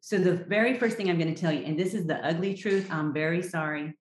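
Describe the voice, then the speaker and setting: A woman health coach speaks in a lowish voice with direct, emphatic advice. She talks like a frank coach to listeners. The recording carries a roomy echo. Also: fast, slight background noise. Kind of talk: podcast interview.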